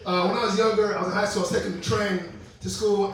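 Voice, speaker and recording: A young man doing stand-up, his voice high and bright as he spins animated stories and slips into quoted voices. He is heard in a very echoey room from a little way off the mic. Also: fast talker, recorded from a distance, a little hiss or hum. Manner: animated storytelling with quoted voices and laughing asides. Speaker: stand-up comedian. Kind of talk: stand-up comedy set. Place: comedy club stage with live audience.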